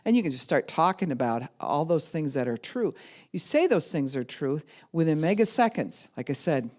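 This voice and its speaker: A woman pastor teaching a class in a conversational way, acting out other people's words in quick voices. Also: low-pitched, very animated, a little mellow. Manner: conversational, with frequent "you know" and "right?".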